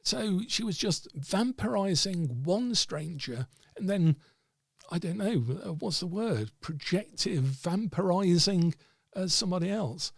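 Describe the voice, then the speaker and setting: A man's voice: high voice, lively intonation, unhurried, creaky, dry recording. A man hosting an occult discussion, telling a story in a rambling, casual way with many fillers and restarts. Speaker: host of an occult discussion stream.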